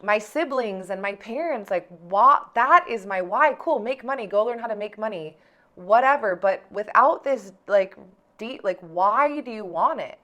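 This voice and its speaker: A woman's voice: medium pitch, expressive, unhurried, bright, forceful tone. A young woman vlogging casually about her own life, peppering her talk with "like" and swearing freely. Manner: chatty, heavy use of "like", swears freely. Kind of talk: casual personal storytelling.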